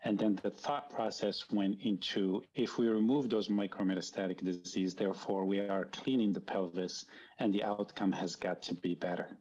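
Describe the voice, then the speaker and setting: A man guest surgeon on a video call, explaining research in a measured, careful way. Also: low-pitched, fairly even intonation, a little mellow. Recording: dull video-call audio.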